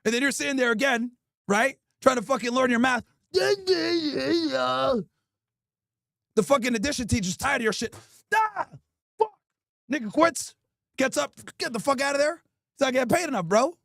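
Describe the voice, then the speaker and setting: A man's voice: very high voice, fast talker, vocal fry, fairly bright tone, no room sound, clean studio sound. A male host doing an improvised comedy roast, crude and mocking, hurling insults.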